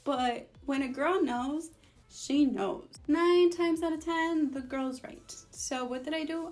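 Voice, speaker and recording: Young woman, sassy storytime vlogger, high-pitched, faint music behind. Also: unhurried. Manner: sassy, animated, switches between English and Spanish. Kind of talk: storytime vlog.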